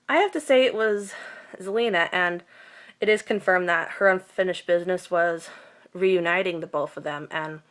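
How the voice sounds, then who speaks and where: A woman's voice: fairly low pitch, moderate pace, a bit bright. A woman giving a casual vlog recap of a TV episode, emotional and gushing, with many fillers and restarts. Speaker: TV recap vlogger.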